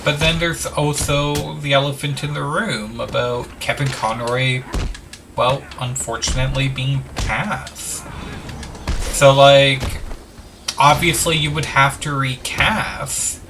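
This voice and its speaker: A man talks slowly and loosely over a game, filling gaps with "like" and dropping casual swears. His voice is bright and a bit far from the mic, with a faint hiss underneath. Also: mid-range voice. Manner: rambling, full of "like", swears casually. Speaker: let's play host. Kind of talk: casual gameplay commentary.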